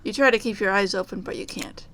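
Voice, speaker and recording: A woman streamer reading a dating-sim game aloud, playful and animated, with jokey asides. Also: mid-range voice, fast talker, rough recording.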